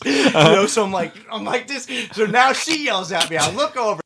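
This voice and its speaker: A man's voice: high-pitched, lively intonation, normal speed, crowd noise. A man, a podcast host, telling a profane story in casual chat, laughing often as he talks. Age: adult parent.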